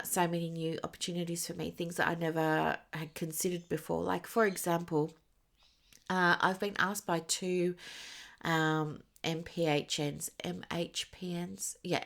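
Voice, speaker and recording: A woman's voice: on the low side, creaky. A woman hosting a solo podcast as a business coach, chatting casually with many fillers and small laughs, and she has the hiccups. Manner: chatty and warm, with frequent fillers and little laughs.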